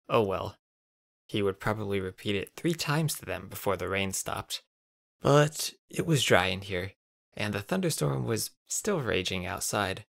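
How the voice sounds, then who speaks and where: A man narrating a scripted story in an even, measured read. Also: low-pitched, gravelly, no room sound, clean studio sound.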